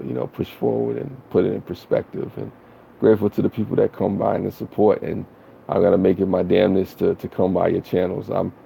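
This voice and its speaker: A man's voice: sits low, vocal fry, dark tone, a little hiss or hum. A man chatting casually with viewers on a live stream, laid-back and slangy, rambling with lots of fillers.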